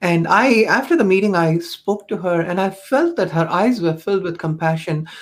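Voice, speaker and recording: A woman's voice: lowish voice, lively intonation, moderate pace, a little hiss or hum. A woman, a podcast guest, telling personal stories in an earnest, reflective way with frequent ums and you-knows. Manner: earnest, reflective, many fillers like um and you know. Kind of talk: personal storytelling in conversation.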